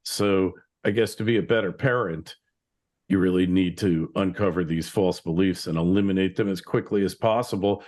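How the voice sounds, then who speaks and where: Deep-voiced man hosting a podcast. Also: moderate pace, a little mellow. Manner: musing, rambling with fillers. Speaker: podcast host. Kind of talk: casual interview chat.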